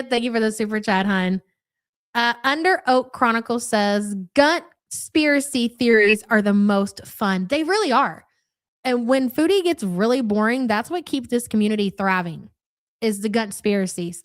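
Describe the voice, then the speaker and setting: A woman's voice: mid-range voice, no echo, studio quality. A woman doing casual live-stream commentary, blunt and mocking, swearing freely as she reads chat.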